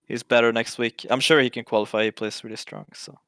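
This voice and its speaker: A man's voice: mid-range voice, little pitch movement, fast talker, fairly bright tone. A man with a Norwegian accent, a pro gamer in a casual post-match interview over an online call, laughing and playfully defensive.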